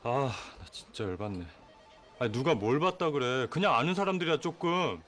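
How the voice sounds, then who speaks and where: A man's voice: medium pitch, expressive, rapid-fire, a bit bright, faint music behind, lightly acted. A man playing an exasperated, defensive office worker. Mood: annoyed. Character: irritated male office worker dodging questions. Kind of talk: TV drama dialogue.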